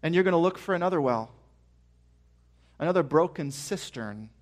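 Male pastor, sermon, high voice, earnest, builds to excited emphasis. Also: moderate pace.

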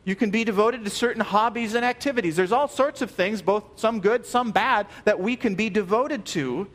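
High-voiced earnest male preacher. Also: normal speed, fairly bright tone. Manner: earnest, emphatic, repeats key phrases. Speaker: pastor. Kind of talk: sermon.

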